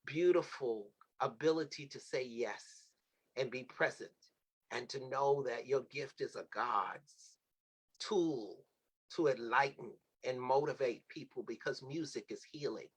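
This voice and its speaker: A man's voice: medium pitch, measured pace, breathy edge, rough recording. Effusive man giving heartfelt thanks. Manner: effusive, sermon-like praise. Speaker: show host. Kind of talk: heartfelt closing thanks on a livestream.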